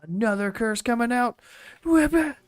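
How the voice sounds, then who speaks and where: A man's voice: very high voice, normal speed, clear, resonant tone, pitched above the performer's own voice. A man putting on the voice of a hyped male esports caster giving breathless play-by-play of a raid. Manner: breathless play-by-play, rising excitement.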